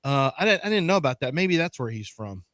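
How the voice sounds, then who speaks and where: A man's voice: mid-range voice, sing-song, fast talker, a bit bright, no echo. A man co-hosting a sports radio show, chatting casually with jokes and playful teasing. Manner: joking, playful, mock-condescending. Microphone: studio microphone.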